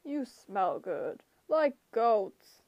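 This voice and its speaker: A woman voicing a huge, half-blind male cyclops who speaks bluntly and slowly, making demands. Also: fairly high pitch, sing-song, no room sound, highs cut off, exaggerated voice. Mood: gruff demanding. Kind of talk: audiobook character voice.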